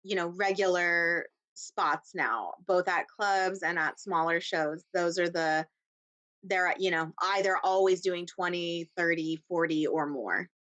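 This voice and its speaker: A woman's voice: fairly low pitch, unhurried, fairly bright tone, dry recording. A woman who co-organizes a comedy festival, chiming in eagerly during a casual podcast interview.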